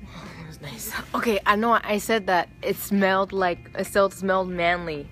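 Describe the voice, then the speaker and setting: A woman's voice: mid-range voice, steady tone, normal speed, a bit bright, faint music behind. A young woman vlogging to a handheld camera in a chatty, rambling way, swearing freely as she talks about her day. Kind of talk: casual vlog chat.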